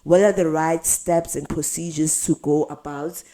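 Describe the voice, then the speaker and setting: A woman's voice: low voice, steady tone, moderate pace, mellow. A woman hosting a casual podcast, asking long, rambling questions. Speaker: podcast host.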